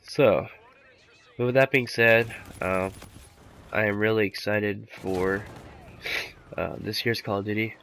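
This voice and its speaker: A man's voice: fairly low pitch, steady tone, slow pace, vocal fry, long pauses, a bit bright, slight background noise. A man doing casual commentary over his gameplay while sick, rambling laid-back with lots of fillers. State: sick, rough voice. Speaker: gaming commentator.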